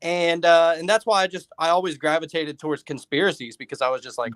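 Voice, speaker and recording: Smooth-voiced man rambling as a guest. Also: a little high, a little fast, few pauses, a bit bright, dry recording. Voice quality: rambling, many fillers. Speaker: podcast host and guest. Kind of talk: casual interview talk.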